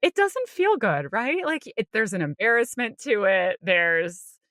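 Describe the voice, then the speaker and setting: A woman co-hosting a podcast, telling a personal story in a casual, animated way, acting out her own inner voice with light laughs and lots of "like". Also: medium pitch, measured pace, no room sound, clean studio sound. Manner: frequent light laughter and "like" fillers. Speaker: podcast co-host.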